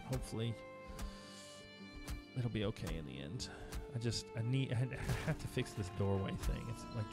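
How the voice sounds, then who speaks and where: Chatty male gamer streaming live. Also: fairly low pitch. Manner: chatty, talking to chat while playing. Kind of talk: casual live-stream gameplay chat. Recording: music playing behind.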